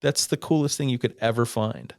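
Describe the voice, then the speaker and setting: A middle-aged man, a podcast guest, telling stories in a lively way and acting out what people said. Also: medium pitch, brisk, creaky, no echo, clean studio sound. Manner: animated storyteller, acts out quotes. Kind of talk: casual storytelling interview.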